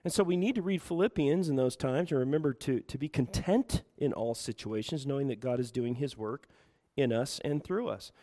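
A man's voice: mid-range voice, moderate pace, few pauses, warm tone. A man preaching a sermon as pastor, asking the room rhetorical questions and acting out quoted voices. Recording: reverberant hall.

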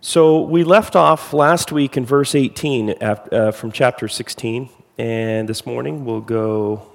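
Gravelly-voiced pastor in a reverberant hall. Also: male voice, mid-range voice, slow. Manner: casual, self-deprecating, loose with fillers. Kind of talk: sermon and Bible reading.

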